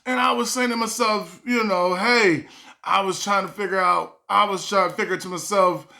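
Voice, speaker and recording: A woman vlogger telling a comic story in loose, repetitive casual phrasing, breaking into animated exclamations. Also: medium pitch, normal speed, vocal fry, reverberant.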